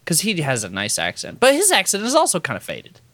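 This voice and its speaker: An American man talking through his thoughts in a relaxed podcast chat, hedging with fillers as he goes. His pitch sits mid-range and moves a lot. The mic sound is dry and close. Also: quick pace, no room sound. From United States. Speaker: podcast co-host. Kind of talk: casual chat.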